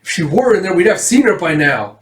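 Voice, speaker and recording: A man's voice: high voice, big pitch swings, fairly quick, fairly bright tone, pitched above the performer's own voice. A man voicing a blunt, threatening bounty hunter while reading a comic aloud. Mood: menacing. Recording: roomy, distant mic.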